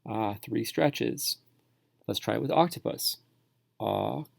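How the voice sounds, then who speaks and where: A male teacher narrating a spelling tutorial for parents and students, speaking slowly and sounding words out syllable by syllable. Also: mid-range voice, no room sound, studio quality. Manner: slow, clearly enunciated, sounding words out.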